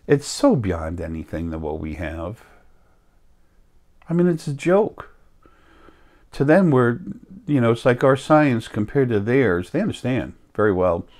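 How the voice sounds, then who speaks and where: Low-voiced man rambling while sick. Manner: rambling, slow and halting. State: sick, coughing. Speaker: vlogger. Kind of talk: casual monologue.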